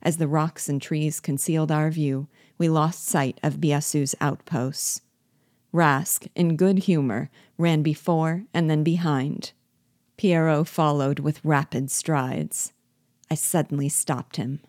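A woman reading a classic novel aloud in a measured, expressive storytelling manner. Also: deep voice, no room sound, clean studio sound. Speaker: reader.

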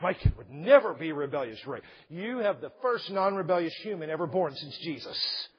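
A man preaching a sermon, animated, acting out parents and children, sometimes raising his voice to a shout. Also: fairly high pitch, normal speed. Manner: raises voice to a shout at points. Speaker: pastor. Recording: dull lo-fi recording.

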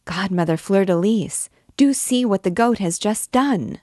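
Woman reading as an excited little girl. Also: measured pace, dry recording, studio quality, lightly acted. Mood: delighted. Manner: high, delighted exclaiming.

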